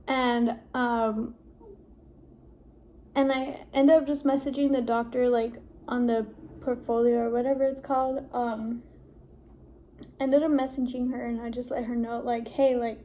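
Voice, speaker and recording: A young woman speaks to her camera in a casual, halting way, her speech full of "like" as she works through something emotional. Her voice sits slightly high yet sounds warm and mellow. A faint room ambience hums underneath. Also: slight background noise. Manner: heavy use of "like", halting and emotional. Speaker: vlogger.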